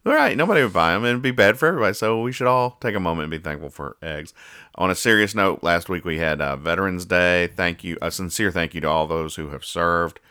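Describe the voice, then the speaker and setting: A man's voice: low voice, fast, pushed and bright, clean tone, no echo, clean studio sound. A man hosting a casual podcast where he reads the comics, rambling and joking with many restarts. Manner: rambling, jokey, stumbles and restarts. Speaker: podcast host. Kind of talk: casual comic-reading chat.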